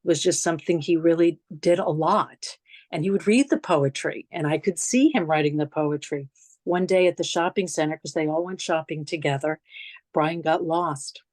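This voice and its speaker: A woman's voice: deep voice, steady tone, moderate pace, darkish tone, no echo. A middle-aged woman with a New York accent, giving a memorial lecture as conversational, reflective personal storytelling with slides. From New York City. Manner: conversational, reflective, frequent restarts and asides.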